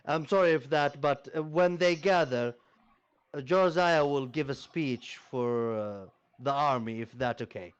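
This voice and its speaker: A man playing a tabletop game, speaking in a hesitant, polite and halting way. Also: a little high, smooth, lo-fi sound. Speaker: player.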